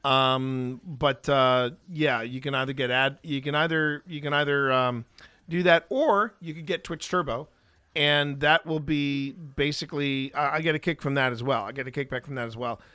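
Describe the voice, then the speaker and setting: A man chatting casually on a stream, his voice bright and forward. He rambles and restarts often, filling gaps with ums. The sound is close and dry, with no room around it. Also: medium pitch, dry recording. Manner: rambling, with many fillers and restarts. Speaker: streamer and co-host. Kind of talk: casual chat.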